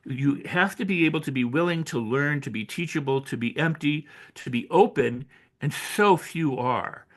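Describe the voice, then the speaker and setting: An older man who writes and works as a personal growth coach talks in an interview at a normal speed, his voice on the high side. His storytelling is animated, with acted-out quotes and frequent restarts and repetitions.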